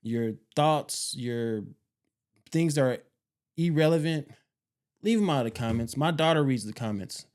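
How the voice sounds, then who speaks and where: A man in his thirties talks through his plans in a loose, rambling vlog style, circling back and repeating points. His voice is mellow and smooth, with an easy, unhurried warmth. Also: mid-range voice, animated. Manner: rambling, repeats himself, casual slang. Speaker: homestead channel host. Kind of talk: casual vlog talk.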